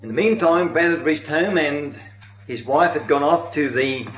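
A man's voice: on the high side, moderate pace. Earnest man preaching church history. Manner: earnest storytelling with occasional hesitations. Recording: dull roomy old recording.

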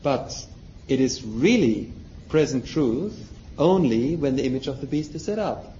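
A man's voice: medium pitch, animated, warm tone. Man teaching a Bible study, lo-fi. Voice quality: measured, explaining with questions to listeners. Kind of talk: Bible study lecture reading from a book. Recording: dull lo-fi recording, faint noise.

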